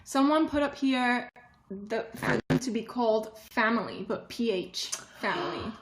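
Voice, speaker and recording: An English woman co-hosting a casual livestream, gushing and giggling as she talks. Her voice sits a little high. The room is echoey, with a faint hiss behind her. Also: sing-song, a little slow. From England. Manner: giggly, effusive. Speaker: livestream co-host.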